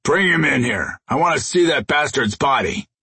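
A man's voice: medium pitch, lively intonation, moderate pace, sharp tone, slightly rough, dry recording, voice pushed up, heavily acted. A man voicing a domineering alien crime boss. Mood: angry. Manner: barking, domineering. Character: menacing alien crime boss, male, commanding.

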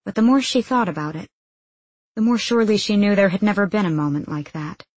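A woman narrating an audiobook in a measured, even way. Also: medium pitch, slightly rough, dry recording, rough recording.

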